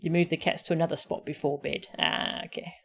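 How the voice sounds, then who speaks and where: A woman's voice: sits low, little pitch movement, fairly quick, gravelly, breathy edge. A woman game streamer chatting casually with her viewers and her cats, her voice sore from streaming. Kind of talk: casual live-stream chat.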